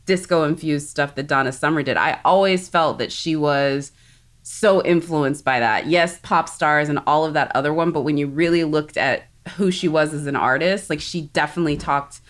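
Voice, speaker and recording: A woman from South Texas co-hosts a film chat with an unusually low voice for a woman. She talks with enthusiasm and strong opinions and laughs often between points. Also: moderate pace. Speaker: co-host. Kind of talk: casual chat.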